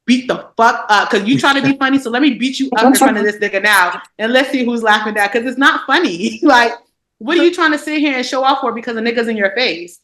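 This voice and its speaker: A woman's voice: on the high side, quick pace. A woman in casual podcast chat, telling blunt stories and acting out quotes from friends. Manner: blunt, animated storytelling with acted-out quotes. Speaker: podcast co-host. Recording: roomy echo.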